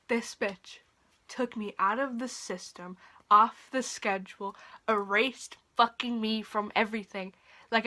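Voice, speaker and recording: A young woman telling a story in a casual vlog from her bedroom at night, profane and animated, sometimes dropping to a whisper. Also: mid-range voice, moderate pace. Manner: drops to a whisper at times. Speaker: vlogger.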